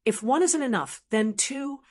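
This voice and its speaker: A woman's voice: sits high, lively intonation, a little slow, a little mellow. A woman voicing a lazy, brash young nobleman who scoffs and talks bluntly.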